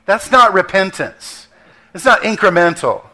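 Male pastor, conversational sermon delivery, slightly high voice, slows down for emphasis. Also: expressive, bright, forceful tone. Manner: conversational preaching with acted asides and slowed emphasis.

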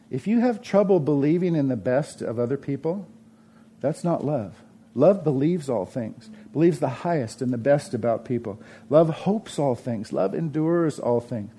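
A man's voice: medium pitch, lively intonation, normal speed, mellow, husky. A middle-aged male pastor giving a sermon in a church, talking in a conversational way that builds to emphatic peaks. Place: church sanctuary.

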